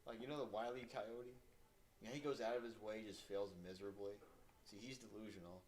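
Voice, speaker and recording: A man's voice: lowish voice, fairly even intonation. A man co-hosting a live reaction stream, talking bluntly and cursing. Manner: fast, blunt, profane. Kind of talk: casual reaction chat.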